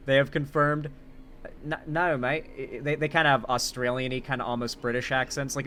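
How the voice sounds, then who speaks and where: A young man giving casual political commentary, sarcastic and animated, swinging between loud emphasis and quiet asides. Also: a little high.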